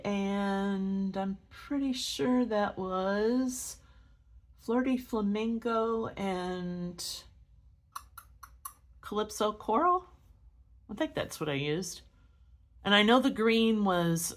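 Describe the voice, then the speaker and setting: A middle-aged woman showing her stamped cards in a casual crafting tutorial at home, chatty and rambling, often correcting herself. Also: medium pitch. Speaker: craft demonstrator. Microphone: camera on a stand.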